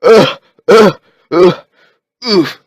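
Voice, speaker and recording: A man voicing a frightened grown man who wakes into disaster, yelping and shouting in panic. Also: on the low side, expressive, measured pace, no room sound. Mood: panicked.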